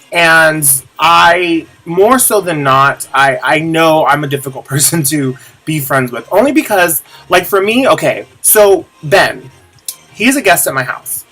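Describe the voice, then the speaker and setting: A young man with a fairly high, bright, forceful voice rambles candidly to his viewers in a casual confessional vlog. He circles back on himself with fillers and restarts and swears offhandedly. Soft music sits quietly behind him. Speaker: vlogger.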